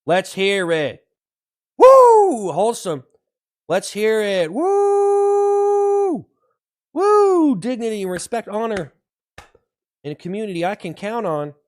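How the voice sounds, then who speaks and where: A man hosting a livestream, shouting repeated whoops between slow, sarcastic slogans praising himself to his viewers. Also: high-pitched. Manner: sarcastic, ironic self-praise. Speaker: livestream host. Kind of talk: mock-hype livestream chat with viewers.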